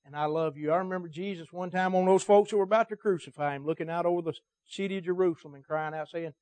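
A man's voice: high-pitched, fairly even intonation, quick pace, darkish tone, dry recording. A man preaching a sermon to his church, emphatic and cadenced, his volume swelling and dropping. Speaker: pastor. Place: church service.

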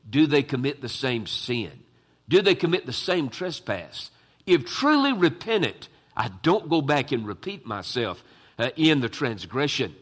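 A man's voice: medium pitch, fairly bright tone. A man preaching a sermon to his congregation, emphatic and full of rhetorical questions. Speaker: pastor.

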